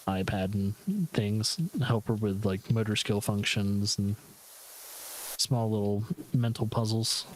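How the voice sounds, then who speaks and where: Rambling young man telling a story. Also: fairly low pitch. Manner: rambling storytelling, frequent laughs and fillers. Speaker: streamer. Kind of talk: casual chat while gaming.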